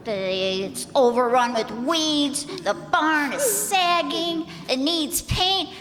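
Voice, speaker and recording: An actress playing a dismayed, tearful teenage daughter in a community radio play, half laughing and half crying. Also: female voice, high-pitched, takes it slowly, over music. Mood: complaining. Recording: roomy hall reverb.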